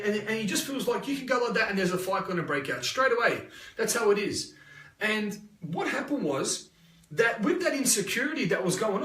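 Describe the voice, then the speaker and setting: A man's voice: high-pitched, fairly bright tone. Swearing Australian man, far and echoey. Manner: blunt, swears freely, restless storytelling. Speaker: motivational speaker. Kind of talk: live-streamed motivational talk.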